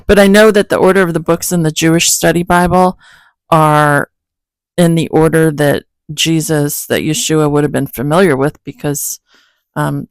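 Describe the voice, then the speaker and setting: A woman's voice: low-pitched, gravelly, no echo. A woman hosting her own channel, chatting casually at home with her cats in a rambling way, with self-deprecating asides. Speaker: host of a Bible-reading channel. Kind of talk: casual chat.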